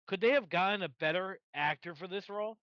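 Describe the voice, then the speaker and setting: A man's voice: high voice, a little fast, a bit bright, no room sound, lo-fi sound. A man co-hosting a podcast, chatting casually about a movie in a laid-back way. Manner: laid-back, laughs often, swears casually. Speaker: podcast co-host.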